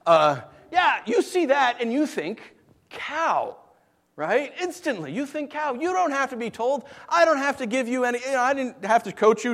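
A man delivers a lively sermon in a notably high voice. He swings between loud, excited points and near-whispers, acting out the voices of his listeners along the way. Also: moderate pace. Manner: acts out listeners' voices in asides. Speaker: pastor.

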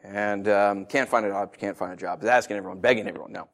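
This pastor's voice is lowish and quick. During his sermon he reads scripture and brings its people to life, acting out their voices with laughs in an animated style.

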